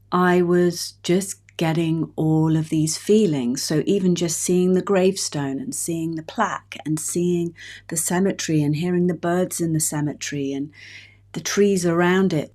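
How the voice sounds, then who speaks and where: A woman in her fifties, a relationship coach hosting her own podcast, speaking in a gentle, heartfelt, personal way. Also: on the low side. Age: 50s. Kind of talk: reflective solo podcast talk.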